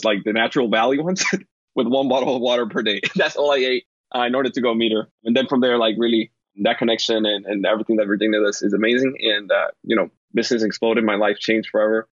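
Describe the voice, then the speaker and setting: A Dominican entrepreneur appearing as a podcast guest speaks in a medium-pitched, slightly bright voice, rambling casually through stories with lots of "like" and "uh" and laughing easily. The recording is dry, kind of muffled, slightly dull lo-fi sound.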